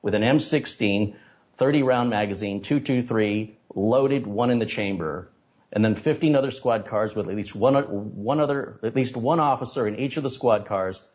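A man with a low-pitched voice recounts a story as an interview guest. He is animated and indignant. The recording sounds dull and lo-fi. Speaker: interview guest, tech streamer. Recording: dull lo-fi audio.

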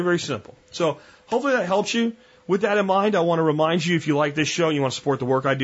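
A man's voice: mid-range voice, fairly bright tone, slightly rough, lo-fi sound. A man hosting a podcast, talking bluntly and conversationally with frequent restarts. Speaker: podcast host. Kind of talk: casual monologue.

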